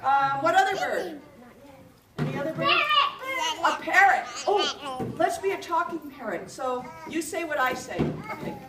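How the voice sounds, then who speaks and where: Playful high-voiced teacher woman. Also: lively intonation, normal speed. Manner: playful sing-song, animal sounds. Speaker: preschool teacher. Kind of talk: children's movement song lesson. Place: large room with children. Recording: echoey room, far mic, loud chatter. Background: children chattering and noise.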